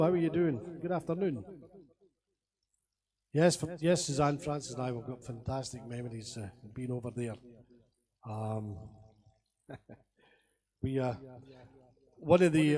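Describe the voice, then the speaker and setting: A man's voice: fairly high pitch, a little mellow. A Scottish man chatting casually between songs on a webcam stream, rambling and laughing as he tells stories. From Scotland. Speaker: singer streaming to friends.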